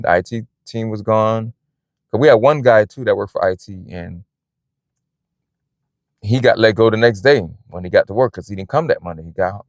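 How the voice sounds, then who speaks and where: Man, casual vlogger, lowish voice, rambling and earnest, outdoors in a parking lot, dry sound. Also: dry recording. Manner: rambling and earnest, with frequent "man" and "you know". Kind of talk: casual personal vlog talk.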